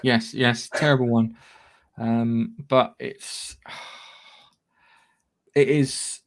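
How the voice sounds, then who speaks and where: Man, podcast co-host, rambling, swears freely, laughs often, mid-pitched voice. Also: fairly even intonation, very slow, long pauses. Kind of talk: casual chat.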